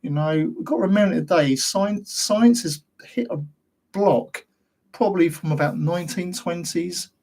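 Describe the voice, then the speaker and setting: A man's voice: high-pitched, normal speed, a little mellow. A British man hosting his own channel, talking straight to camera in a rambling, ranting monologue full of rhetorical questions. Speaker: host of a paranormal investigation channel.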